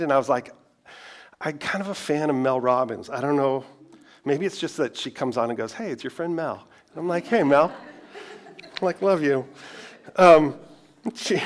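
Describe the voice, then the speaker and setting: A middle-aged man preaching a sermon as pastor, in a conversational way, full of rhetorical questions and self-deprecating asides. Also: mid-range voice.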